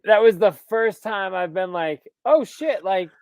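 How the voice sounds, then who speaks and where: A man's voice: high-pitched, unhurried, creaky, smooth, dry recording, clean studio sound. A man in his thirties, a podcast co-host, telling stories in a casual chat, laughing often and swearing freely.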